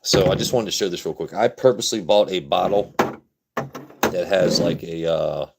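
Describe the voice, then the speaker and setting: Deep-voiced man chatting on a livestream. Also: normal speed, gravelly, heavy background noise. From Southern Maryland. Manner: drops his voice deep and blunt on purpose. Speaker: livestream host. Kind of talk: casual livestream chat.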